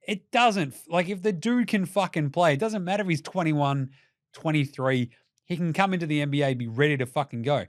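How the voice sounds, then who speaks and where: A man's voice: on the high side, a little fast, dry recording, studio quality. A young Australian man gives brash, profane and jokey casual commentary as a basketball show host.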